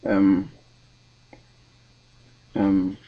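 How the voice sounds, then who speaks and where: A man's voice: sits low, completely flat delivery, very slow, breathy edge, narrow, tinny audio. A young man, telling a story in a casual vlog with a rambling, hesitant delivery full of ums and restarts. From London, England. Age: 20s. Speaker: vlogger.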